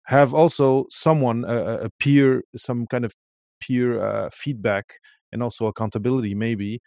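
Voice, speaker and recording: A man hosting an interview podcast, feeling his way through questions with fillers and restarts. His voice sits at an ordinary pitch and sounds dry and close, with no room around it. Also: fairly even intonation, moderate pace, creaky, darkish tone, dry recording. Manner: hesitant, many fillers and restarts. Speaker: podcast host. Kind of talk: casual interview chat.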